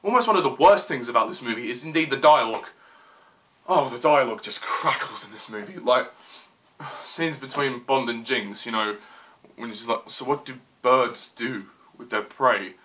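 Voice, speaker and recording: A young man reviewing a film rants in frustration, exclaiming, swearing and apologizing as he goes. His mid-range voice is a bit bright and moves at normal speed.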